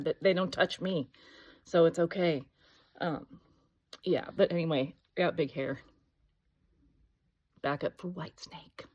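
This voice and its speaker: A woman's voice: low-pitched, a little mellow, no echo. A woman in her thirties in a scattered, self-interrupting casual vlog, talking into her phone. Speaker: vlogger. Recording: dull lo-fi phone audio with road noise.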